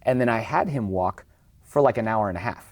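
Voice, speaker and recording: A man with a lowish voice talks briskly in a dry, echo-free recording. He's a dog trainer appearing as a guest on a casual podcast, chatting away and acting out both owners and dogs in raised voices.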